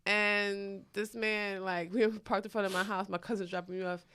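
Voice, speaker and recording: Brash, bright-voiced woman telling a story. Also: mid-range voice, little pitch movement, moderate pace, clear, resonant tone. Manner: brash, profane storytelling with bursts of laughter. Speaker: podcast host. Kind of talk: casual chat.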